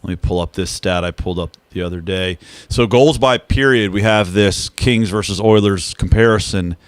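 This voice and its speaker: Low-voiced man chatting on a live stream. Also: normal speed, dry recording. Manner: chatty, jokey, reads out stats. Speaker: co-host of a live game watch-along. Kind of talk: casual live chat. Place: team studio.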